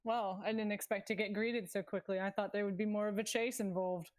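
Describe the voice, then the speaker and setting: A woman's voice: mid-range voice, fairly even intonation, a little fast. A woman playing in a tabletop game, chatting with enthusiasm about her character's plans. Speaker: player. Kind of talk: casual chat over a tabletop game.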